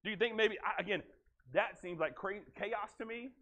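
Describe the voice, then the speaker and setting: A man preaching a sermon in a church, telling the story in a folksy, animated way. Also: sits high, moderate pace. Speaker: pastor. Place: church sanctuary.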